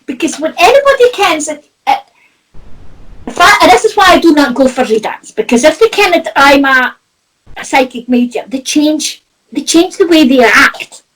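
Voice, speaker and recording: With a Doric north-east Scottish accent, this middle-aged woman chats casually, spinning stories as a psychic medium, swearing and laughing often. Her high, expressive voice is fairly bright and moves at normal speed. A bit of hiss or hum mars the poor audio.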